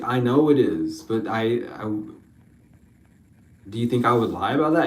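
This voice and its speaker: A man's voice: medium pitch, expressive, normal speed, long pauses, reverberant, distant mic, poor audio. A man giving an emotional spiritual reading, rambling, repeating his questions and swearing freely. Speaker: spiritual card reader.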